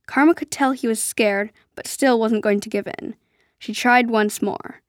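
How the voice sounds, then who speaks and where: A woman narrating an adventure story aloud in a steady storytelling way. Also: fairly high pitch, measured pace, no echo, studio quality. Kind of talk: storybook reading.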